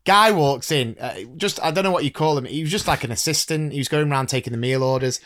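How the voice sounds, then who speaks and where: A man co-hosting a podcast, telling stories in an animated, casual way and laughing often while he recovers from ankle surgery. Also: on the high side, fast. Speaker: podcast co-host. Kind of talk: casual chat.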